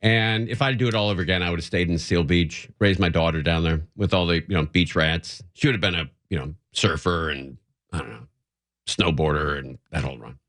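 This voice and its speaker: A man's voice: deep voice, a little fast, no echo, studio quality. A middle-aged man hosting a radio show, chatting casually and rambling through stories. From San Fernando Valley, California. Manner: rambling, animated storyteller. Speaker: radio host. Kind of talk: casual talk radio banter.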